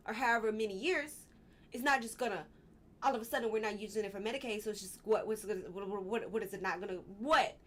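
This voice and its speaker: A woman's voice: mid-range voice, fairly bright tone, slight background noise. A young woman hosting a live stream, talking casually about politics and getting worked up, repeating her questions. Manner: gets worked up, repeats questions, fussing then apologizing.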